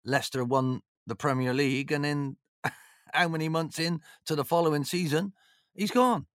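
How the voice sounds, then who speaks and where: A man telling stories as an interview guest, rambling and jokey with plenty of "you know"s. His voice sits a little high and swings up and down with energy. The sound is dry and close. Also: steady tone, normal speed, fairly bright tone, no room sound. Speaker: former football manager, interview guest. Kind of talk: casual storytelling chat.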